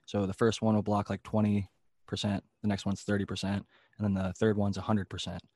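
A man explaining greenhouse growing in casual chat, quick and full of fillers. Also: fairly low pitch, level tone, darkish tone, no echo, studio quality. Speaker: grower.

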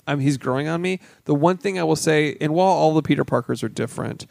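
A man's voice: fairly high pitch, fast, gravelly, darkish tone, no room sound, clean studio sound. A young man co-hosting a podcast, rambling casually about movies with lots of restarts and swearing. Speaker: podcast co-host.

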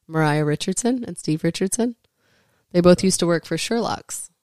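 A woman's voice: fairly low pitch, lively intonation, moderate pace, a little mellow, dry recording, studio quality. A woman in her thirties from Texas, a podcast guest in laid-back casual chat at her home, trailing off with fillers. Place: living room of her home.

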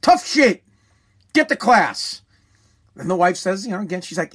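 A man's voice: sits high, sing-song, normal speed, long pauses, fairly bright tone, breathy edge. A man in his forties, a talk host telling a rambling, profane, repetitive story in a casual monologue. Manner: rambling, profane, repeats himself, emphatic.

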